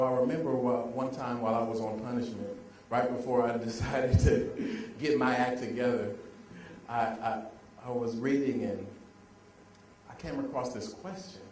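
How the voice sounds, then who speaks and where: A young man with a mid-range, slightly mellow voice gives a live motivational talk in a large hall, telling stories, laughing, and leading call-and-response with the crowd. The recording is echoey, with a distant mic and faint noise.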